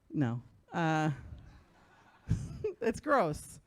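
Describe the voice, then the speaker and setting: A middle-aged woman from New Jersey doing a profane stand-up set on a club stage, often laughing at her own lines. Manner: brash, profane, laughing often, acting out her son in a high voice. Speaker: stand-up comedian. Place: comedy club stage before a live audience.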